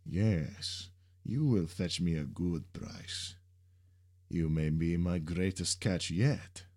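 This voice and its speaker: A man voicing a powerful masked villain who gloats over a captured boy, with a deep, commanding voice and slow, deliberate delivery. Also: darkish tone, exaggerated voice. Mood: gloating. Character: menacing masked man, powerful slaver leader.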